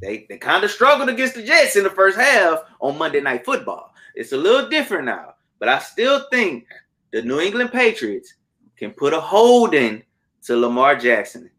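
A man co-hosting a sports betting podcast in casual chat, animated and repeating words for emphasis. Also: on the high side, moderate pace.

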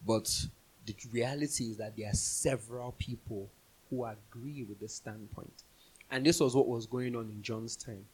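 Man, bible teacher, husky voice, mid pitch, conversational, everyday examples. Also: fairly even intonation, moderate pace, rough recording.

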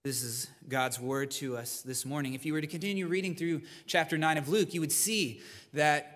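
A man preaching a sermon with a slightly high voice, in a church hall with a long, ringing reverb. He talks to the congregation in a conversational, plainspoken way and keeps checking in with them. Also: fairly even intonation, moderate pace, fairly bright tone. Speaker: pastor. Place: church sanctuary.

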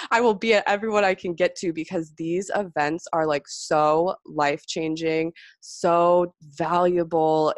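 A woman with a low-pitched voice hosts a casual podcast. She gushes with enthusiasm and fills her talk with "like" and "you guys." The sound is dry and close, with no room around it. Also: no echo. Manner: gushing, effusive, says "like" and "you guys" often. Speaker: podcast host.

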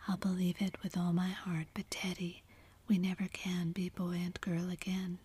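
Woman playing a wistful young woman, kind and steady, whispered role-play, very breathy. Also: fairly low pitch, normal speed. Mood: gentle. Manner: gentle, wistful, reassuring.

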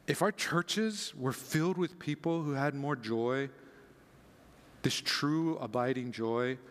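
A man preaching a sermon as a pastor, conversational and animated, acting out quoted passages with dramatic readings. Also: medium pitch, in a large hall.

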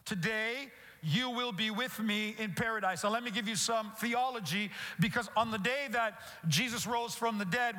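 A man's voice: extremely high pitch, sharp tone. A man pastor preaching a sermon earnestly, often repeating and restarting his phrases. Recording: echoey hall with long reverb.

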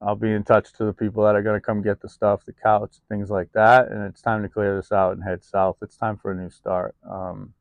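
Gravelly low-voiced man rambling candidly. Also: monotone, a little fast, few pauses, no room sound, phone-quality sound. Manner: rambling, confessional, frequent ums and restarts. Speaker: vlogger. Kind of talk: candid personal vlog. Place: outdoors, cold weather.

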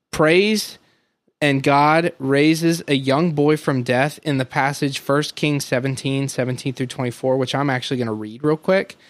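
A man co-hosting a podcast, explaining Scripture in casual, earnest talk with slow, stressed words. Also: on the high side, no room sound, clean studio sound. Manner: earnest, thinking aloud with many "like"s and slow emphatic stresses. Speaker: podcast co-host. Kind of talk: casual Bible teaching chat.

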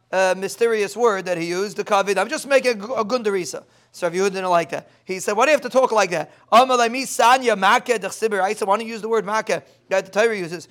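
High-voiced man teaching Talmud. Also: clear, resonant tone. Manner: mixes Aramaic readings with lively conversational asides. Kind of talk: daily Talmud lesson, reading and explaining.

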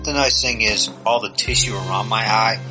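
A man co-hosting a podcast, telling absurd stories in a deadpan, joking way. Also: on the low side, moderate pace, music in the background, low-quality recording. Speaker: podcast co-host. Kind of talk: casual podcast chat.

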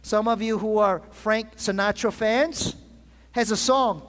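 This pastor's voice sits high and fairly bright, steady in tone and a little slow. Preaching in a reverberant church sanctuary, he prompts amens from the congregation and often begins his phrases again.

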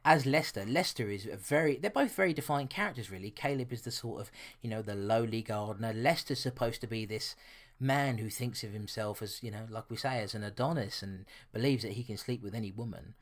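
A man's voice: fairly low pitch, a little fast. A man, co-hosting a podcast, talking through a horror film in a chatty, hesitant way with many restarts. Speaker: podcast co-host. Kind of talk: casual film review chat.

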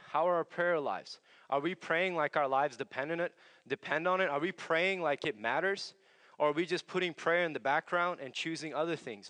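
A young man preaching a sermon in an earnest, conversational way, often dropping to a hushed voice as he tells stories. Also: a little high. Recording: long hall reverb.

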